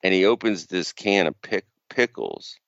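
Low-voiced man rambling on a podcast. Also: expressive, measured pace, vocal fry, fairly bright tone, no room sound, highs cut off. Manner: rambling storyteller, acts out quotes. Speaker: podcast co-host. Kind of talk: casual chat.

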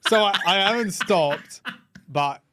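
A man's voice: high voice, noisy background. A man co-hosting a podcast in easygoing casual chat. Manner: lively, quick, easygoing. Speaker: podcast co-host.

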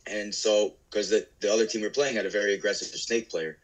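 Man telling a lively paintball story. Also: lowish voice, a little fast, poor audio. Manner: animated, acts out teammates' lines. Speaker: guest paintball player. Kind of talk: casual storytelling.

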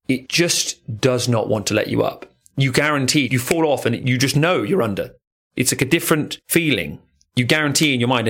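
A man co-hosting a casual surf podcast, telling stories in a lively, jokey way and swearing freely. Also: medium pitch, creaky. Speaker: podcast co-host. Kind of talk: casual chat.

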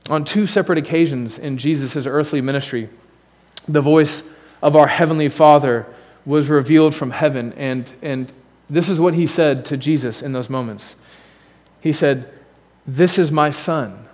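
A male pastor preaching a sermon in a church. He speaks earnestly and conversationally with humorous asides, swinging between loud urging and soft, hushed lines. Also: fairly high pitch, normal speed, big-room sound. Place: church sanctuary.

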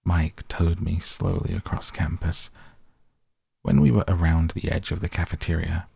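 A man reading an audiobook in a measured, steady way. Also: deep voice, vocal fry, slightly rough, dry recording, studio quality. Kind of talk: audiobook narration.

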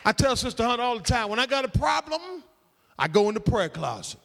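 A man preaching in a church, his voice pitched very high and swinging widely in melody. He moves between rhythmic, sing-song phrasing and full shouts. A long reverb trails behind him in the hall. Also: big pitch swings, brisk, vocal fry, a little hiss or hum. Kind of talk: sermon.

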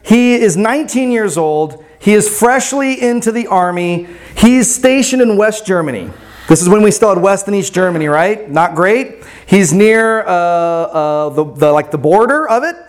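A man's voice: sits high, lively intonation, moderate pace. A pastor telling a story to his congregation in a casual sermon, often checking in with "right?".

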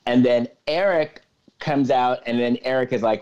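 A man co-hosting a podcast, casually recapping a movie plot in a calm, matter-of-fact way. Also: mid-range voice, moderate pace, smooth, dull audio. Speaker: podcast co-host.

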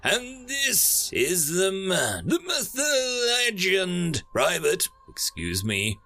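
A man's voice: on the high side, sing-song, measured pace, pushed and bright, soft background music, pitched above the performer's own voice, full character voice. A man voicing a rowdy male marine squadmate in a boisterous manner, in an audiobook reading.

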